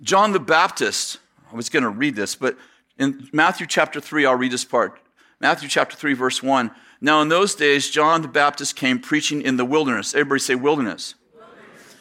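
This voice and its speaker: A man preaching a sermon, telling a lively story and acting out the voices of the people in it, with many fillers and restarts. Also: medium pitch, normal speed. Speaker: pastor.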